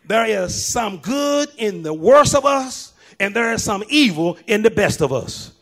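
A male pastor preaching a lively sermon, moving from quiet talk to loud shouts and laughing with his congregation. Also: unhurried. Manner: animated, swings from low and quiet to shouting.

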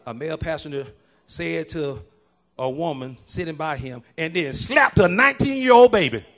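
High-voiced preaching man, shouts and laughs. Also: normal speed. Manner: animated, swings from low and quiet to shouting; laughs and jokes with the congregation. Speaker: pastor. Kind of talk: sermon.

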